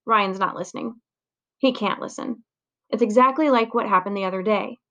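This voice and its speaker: A woman reading a children's chapter book aloud in a clear, steady storytelling voice. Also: medium pitch, moderate pace, dull audio. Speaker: reader.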